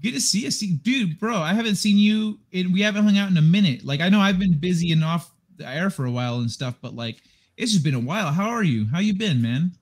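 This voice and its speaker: Chatty guy running a live stream, kinda high voice, rambly. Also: expressive, fast talker. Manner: chatty, rambling, self-talk while setting up. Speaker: livestream host. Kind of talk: casual chat.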